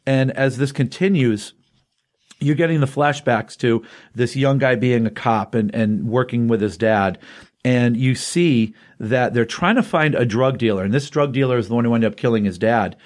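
A man's voice: mid-range voice, moderate pace, darkish tone. A man co-hosting a casual comic book chat, retelling a story in rambling, restarting sentences. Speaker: comic book podcast co-host.

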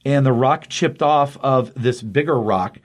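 A man casually recapping a comic book story, lively, with quick voices for the characters he quotes. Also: medium pitch.

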